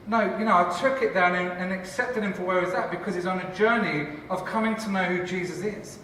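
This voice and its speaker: A man, a church leader and cafe founder, giving a lively conference talk with jokes for the audience. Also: sits high, fairly quick, few pauses, slight background noise. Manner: enthusiastic, joking, chatty with the audience. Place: large conference hall. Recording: echoey hall from far off.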